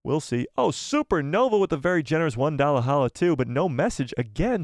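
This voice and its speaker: A man's voice: medium pitch, expressive, brisk, no echo, clean studio sound. Chatty man hosting a live stream. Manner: chatty, jokey, thinks aloud with restarts. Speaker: live stream host reading viewer chat. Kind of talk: casual live stream chat.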